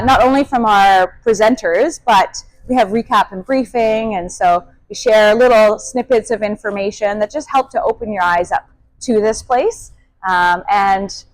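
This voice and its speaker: A woman's voice: mid-range voice, no room sound, poor audio. Chatty woman, very dry sound. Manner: friendly, chatty, laughs often, many fillers. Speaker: kayak guide on expedition ship. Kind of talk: casual interview answers.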